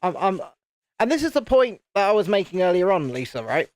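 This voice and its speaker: A man's voice: sits high, very animated, brisk, a little mellow. Chatty man on a live stream. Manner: chatty, rambling, self-interrupting. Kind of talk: casual live-stream chat while building Lego.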